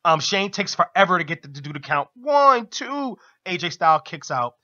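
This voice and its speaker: Excited man recapping wrestling, bright voice. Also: high-pitched, normal speed, dull audio. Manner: enthusiastic, laughs often, many fillers. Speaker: radio show co-host. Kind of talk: casual wrestling recap chat. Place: radio studio.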